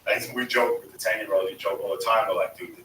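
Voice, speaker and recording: A man in his thirties tells work stories casually, blunt and full of swearing, with a bright, pushing tone. He sits well back from the mic in an echoey room with faint noise behind him. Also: lowish voice, steady tone, fast talker, recorded from a distance. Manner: profane, blunt storytelling. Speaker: guest, former sanitation worker. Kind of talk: casual storytelling.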